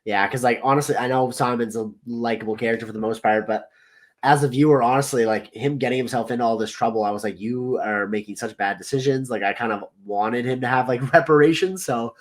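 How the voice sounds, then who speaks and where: A man co-hosting a casual movie podcast, relaxed and agreeable, often chiming in with short agreements and laughs. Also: medium pitch, quick pace. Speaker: podcast co-host.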